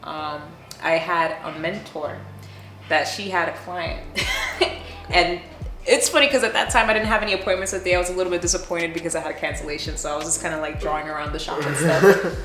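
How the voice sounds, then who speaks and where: A woman tattoo artist chatting as a guest, telling stories in a blunt, animated way with plenty of swearing. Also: fairly low pitch, fairly quick. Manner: animated, blunt and profane, laughs often. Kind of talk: casual storytelling chat. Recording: roomy echo with faint music.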